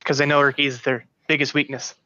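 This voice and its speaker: Teasing player chiming in. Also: male voice, medium pitch, level tone, a little fast, muffled recording, noisy background. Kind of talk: casual tabletop game chat.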